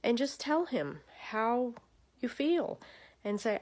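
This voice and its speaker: A woman hosting a casual devotional talk, chatty and earnest, with lively swings in pitch. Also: slow. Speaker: devotional host.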